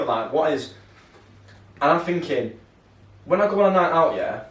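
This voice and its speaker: A man's voice: fairly high pitch, animated, a little fast, pauses often, a bit bright. A man, co-hosting a podcast and telling a long story in a rambling, sweary way, tagging lines with "yeah". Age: 20s. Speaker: podcast co-host. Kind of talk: casual chat, storytelling. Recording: roomy, mic set far off.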